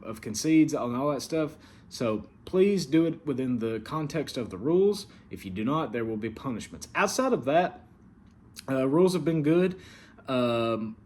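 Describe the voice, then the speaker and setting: This medium-pitched, slightly mellow voice belongs to a Southern league commissioner who hosts a laid-back weekly recap. His talk is full of fillers, yet he becomes stern over the rules.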